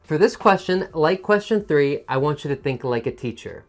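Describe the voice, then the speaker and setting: A man teaching an online test-prep lesson, with a musical voice that rises and falls, a soft tone, and a pace that speeds up and slows down for emphasis. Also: a little high, faint music behind. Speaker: TOEFL teacher.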